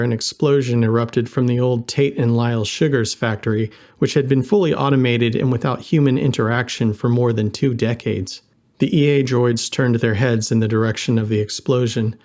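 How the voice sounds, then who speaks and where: A man narrating an audiobook in a steady, measured way. His voice sits at a middling male pitch. The reading is even and unhurried.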